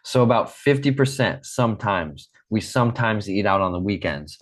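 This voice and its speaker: A man teaching an English lesson online, speaking slowly and patiently, modelling phrases for students to repeat. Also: fairly low pitch, lively intonation.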